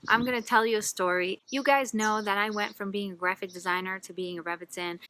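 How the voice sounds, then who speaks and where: A woman rebbetzin telling a teaching story in a casual, animated way, acting out the characters. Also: medium pitch, brisk, a little hiss or hum.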